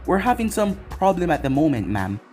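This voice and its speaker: A man's voice: sits high, sing-song, a little fast, darkish tone, soft background music. A man voicing an evasive, nervous hospital medic.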